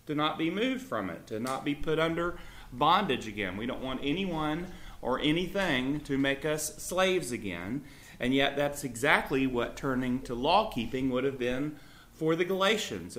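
A man's voice: medium pitch, fairly bright tone, reverberant. A man leading a Bible study, explaining and reading scripture in an earnest, conversational way. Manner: earnest, repeats words, reads scripture aloud.

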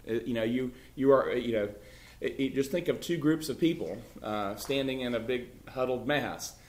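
A man's voice: medium pitch, moderate pace, a little mellow, a little hiss or hum. A man leading a casual Bible class, talking emphatically with many restarts and "you know" fillers. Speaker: Bible study teacher. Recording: echoey room.

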